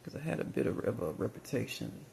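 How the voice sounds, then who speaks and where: A man's voice: fast, background noise. A man from Mississippi, telling rambling personal stories full of fillers and restarts. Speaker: vlogger.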